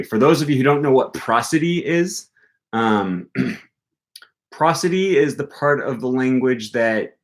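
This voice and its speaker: A young man with a somewhat low voice talks casually through language-learning tips, answering his viewers. He is chatty, fills his speech with ums and okays, and leans hard on stressed words when he gives examples. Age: young adult. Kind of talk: casual explanatory talk answering viewer questions.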